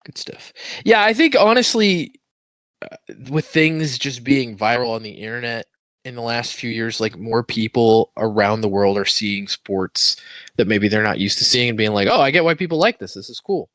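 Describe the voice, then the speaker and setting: A man's voice: medium pitch, moderate pace, fairly bright tone, dry recording. A man from the United States co-hosting a podcast in an easygoing, rambling way. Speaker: podcast co-host. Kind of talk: casual chat.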